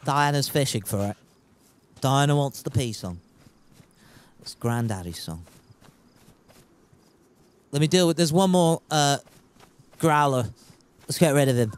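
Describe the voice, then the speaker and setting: A man's voice: medium pitch, a little slow, pauses often, clear, resonant tone. A man streaming a survival game, chatting casually, joking, swearing and trying out put-on accents. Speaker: gaming streamer. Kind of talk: casual gameplay commentary.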